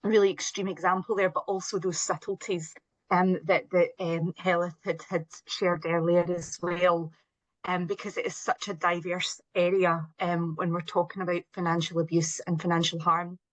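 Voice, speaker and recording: A middle-aged woman with a broad Glasgow accent presents over a video call. Her voice sits a little low, and the recording is dry and close. She talks earnestly, often pausing on "um" and restarting phrases. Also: level tone, no echo, rough recording. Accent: Scottish, Glasgow. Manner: earnest, with frequent ums and restarts. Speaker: charity support services head, webinar panellist. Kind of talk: presentation on a webinar.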